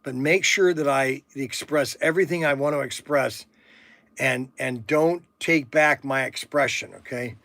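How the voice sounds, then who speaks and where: There's no room sound as this middle-aged man hosts a livestream from a warehouse at a measured pace. His medium-pitched voice is a bit bright, and he drifts through casual, folksy anecdotes with plenty of fillers and restarts.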